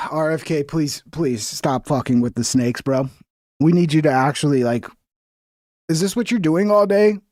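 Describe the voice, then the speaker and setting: A man's voice: fairly high pitch, a little slow, darkish tone, no echo, clean studio sound. A man streaming a reaction to a video, talking casually with a profane, exasperated and rambling manner.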